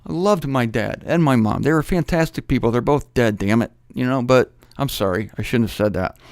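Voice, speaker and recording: A middle-aged man teaches the Bible in a loose, conversational way, joking as he goes and pausing to correct himself. His voice sits at an ordinary pitch for a man. The recording is dry, with no room sound. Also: no room sound.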